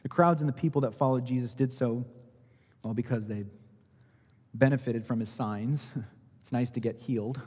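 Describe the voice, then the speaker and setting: Husky-voiced pastor preaching in a reverberant hall. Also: male voice, mid-range voice, normal speed, long pauses, darkish tone. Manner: conversational, explains by analogy, swells in emphasis. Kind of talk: expository sermon.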